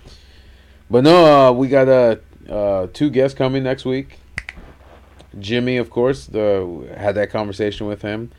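A man co-hosting a podcast in casual chat, relaxed and laughing often, giving reflective opinions. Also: mid-range voice, a little slow, slight background noise. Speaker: podcast co-host.

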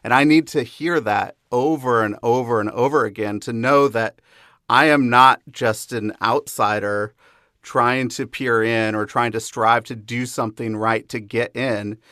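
A man's voice: medium pitch, fairly even intonation, a little slow, dry recording. Male guest, sincere and heartfelt, dry close recording. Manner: sincere, softly affirming, heartfelt. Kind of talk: casual faith conversation.

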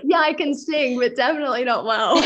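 Woman host asking friendly questions, bit high voice. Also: dull audio. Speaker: podcast host. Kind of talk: casual interview chat.

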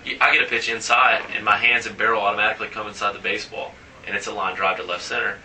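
A male baseball player recounts games in a casual interview, animated and acting out what everyone said. His voice is very bright and a little low, picked up from some distance with a faint hiss underneath. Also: fast. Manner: animated, acts out dialogue in anecdotes.

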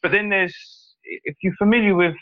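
A man's voice: sits high, fairly even intonation, moderate pace. A man with an English accent chatting casually on a podcast, hesitant and often repeating his words. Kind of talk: casual chat. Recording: muffled lo-fi audio.

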